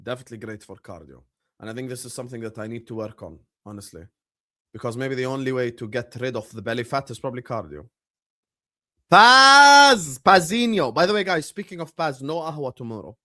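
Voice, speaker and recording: A young man hosting a live football watchalong, chatting casually with his viewers and shouting at big moments of the match. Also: medium pitch, quick pace. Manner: animated, bursts into loud shouts at match moments, banters with chat. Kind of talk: casual live-stream chat and match commentary.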